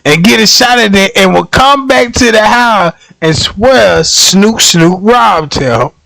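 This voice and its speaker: High-voiced man, unhurried, laughing storyteller. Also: lively intonation, creaky, sharp tone, no echo. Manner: laughs often, acts out quoted dialogue in slangy talk. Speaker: livestream host. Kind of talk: casual livestream storytelling.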